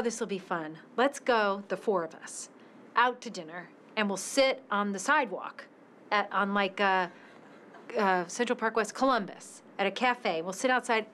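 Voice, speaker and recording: An actress in an interview, telling a casual anecdote with self-mocking laughs. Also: female voice, medium pitch, fairly bright tone, slight background noise. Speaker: actor interviewed about a sitcom.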